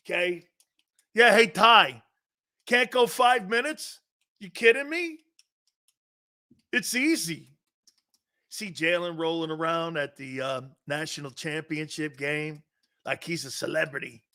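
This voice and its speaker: A man's voice: a little high, slow pace, long pauses, sharp tone. A man hosting a sports talk show, brash and mocking, laughing at his own jokes.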